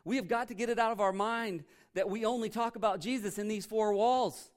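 Brief: male pastor, lively sermon storytelling, punchy repeats, slightly high-pitched. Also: brisk. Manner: emphatic, animated storytelling with repeated phrases. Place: church.

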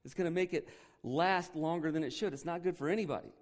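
A man preaching a Bible lesson in a conversational, joking way. He often checks in with "okay" and "right" and slows down to stress key words. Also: fairly high pitch. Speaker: pastor teaching a Bible lesson. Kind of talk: sermon.

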